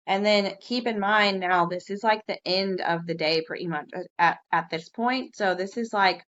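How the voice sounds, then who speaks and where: A woman co-hosting a podcast, telling a fishing story in casual chat, lively and swearing casually. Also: moderate pace, dull audio. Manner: animated, jumps high when quoting herself, swears casually. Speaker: podcast co-host.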